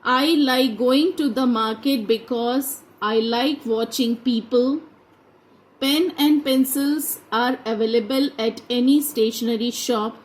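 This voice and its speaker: A woman's voice: fairly high pitch, slow pace, rough recording. A woman teaching a grammar lesson to a class, reading each sentence aloud and spelling out the answers. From India. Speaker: school teacher.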